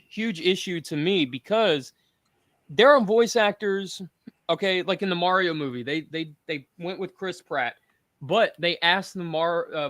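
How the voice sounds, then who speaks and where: Bright, forceful male host, bone-dry sound. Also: on the high side, no room sound. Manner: emphatic, rambling rants. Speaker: podcast host. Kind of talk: casual panel chat.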